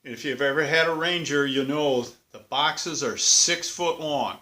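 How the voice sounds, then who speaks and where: A man's voice: a little high, a little slow, pushed and bright. A man hosting his own vlog, telling a story in a casual, plain-spoken, chatty way. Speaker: vlog host. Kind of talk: folksy storytelling.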